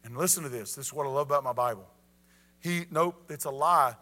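A man's voice: mid-range voice, brisk, bright, forceful tone. A middle-aged man, preaching a sermon with repeated call-outs and rising emphasis. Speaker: pastor.

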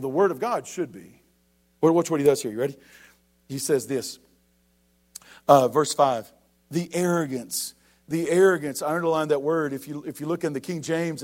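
A man, preaching a sermon to a church and breaking in often to ask if the congregation is ready. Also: sits high. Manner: preaching with rising emphasis and repeated calls of "you ready?". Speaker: pastor.

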